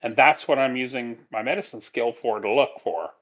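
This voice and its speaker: A man's voice: medium pitch, a little fast, highs cut off. A middle-aged man playing in a tabletop game, enthusiastic and playful, laughing easily. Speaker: player.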